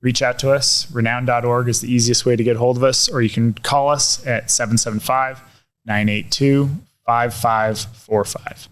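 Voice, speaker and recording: A man's voice: mid-range voice, flat delivery, normal speed. A man who is a talk show guest, speaking in an upbeat, encouraging way. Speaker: health foundation guest. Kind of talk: casual chat.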